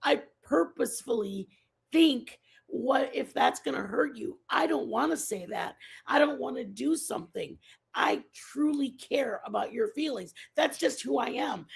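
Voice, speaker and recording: This high-pitched, expressive woman speaks unhurriedly in a creaky, slightly rough voice. Hosting a casual livestream, she chats and rambles with viewers, repeating herself, and she has a Mexican family background.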